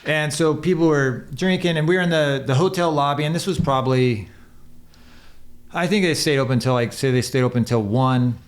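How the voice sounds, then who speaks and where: A man's voice: on the high side, fairly quick. A man who is a podcast guest and former motocross racer, telling a long, rambling, profane story in casual chat and acting out the quotes.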